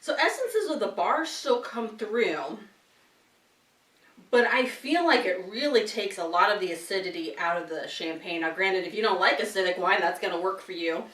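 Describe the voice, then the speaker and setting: A woman's voice: mid-range voice, lively intonation, normal speed, fairly bright tone. Chatty woman host in a roomy space. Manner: chatty, talks while chewing, frequent laughs. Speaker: wine and chocolate tasting host. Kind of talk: casual tasting vlog. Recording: roomy sound from some distance.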